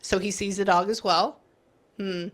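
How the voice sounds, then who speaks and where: A woman giving a psychic reading, thinking aloud and often pausing to say hang on. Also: medium pitch, steady tone. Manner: chatty, thinks aloud, keeps saying "hang on". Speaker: psychic medium. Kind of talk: live reading session.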